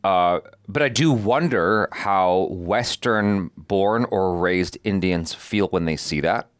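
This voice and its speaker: A man co-hosting a reaction channel, chatting casually in an animated way with many halting restarts. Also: sits low, dry recording. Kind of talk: casual chat.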